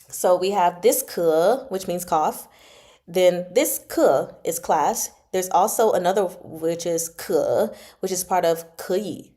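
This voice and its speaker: A woman's voice: on the low side, warm tone. A woman hosting a casual livestream lesson, chatty and self-correcting, sounding out Mandarin tones as she explains them. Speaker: livestream host teaching Mandarin.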